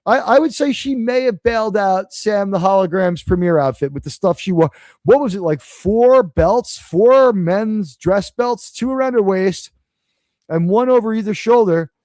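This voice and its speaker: A man's voice: high voice, lively intonation, moderate pace, darkish tone, no room sound. A man from New City, hosting a live stream, talking in a profane, sarcastic, rambling way. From New York City. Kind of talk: casual live-stream rant.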